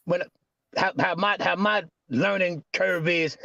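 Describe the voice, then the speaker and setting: A man's voice: sits high, steady tone, measured pace, creaky, sharp tone, dry recording, dull audio. A middle-aged man talking casually, stammering and rambling with frustration. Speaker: podcast guest. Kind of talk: casual chat.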